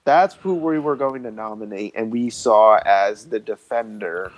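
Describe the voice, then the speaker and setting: A man's voice: on the low side, measured pace, dull audio. Guy riffing on a podcast, cusses a lot, mocking tone. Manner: profane, mocking, puts on voices in jest. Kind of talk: casual podcast chat.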